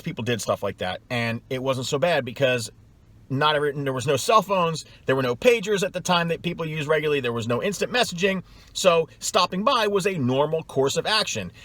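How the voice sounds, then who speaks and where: Recorded with no echo, a middle-aged man with a fairly high, fairly bright voice delivers blunt sales coaching on a vlog. He is emphatic and scornful, hammering points home through repetition.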